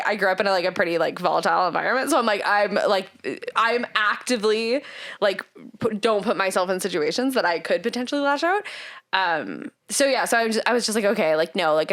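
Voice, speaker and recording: A woman talking casually as a podcast guest, rambling through personal stories with lots of fillers. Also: medium pitch. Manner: rambling, animated storytelling with many fillers.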